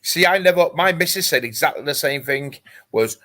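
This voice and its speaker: A man's voice: on the high side, expressive, fairly quick, sharp tone. A man hosting a casual livestream, chatting with many fillers and reading out viewer comments. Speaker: livestream host. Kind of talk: casual chat.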